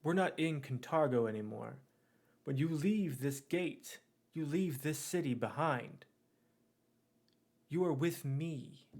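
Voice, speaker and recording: A man's voice: a little high, lively intonation, takes it slowly, pauses often, darkish tone, heavily acted. A man playing a blunt male adventurer who commands his old comrades, cursing casually.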